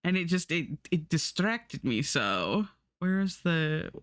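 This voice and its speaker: A woman's voice: low-pitched, big pitch swings, takes it slowly, no echo, studio quality. A woman streamer chatting casually while she draws, rambling and laughing often. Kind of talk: casual live-stream chat while drawing. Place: home streaming setup.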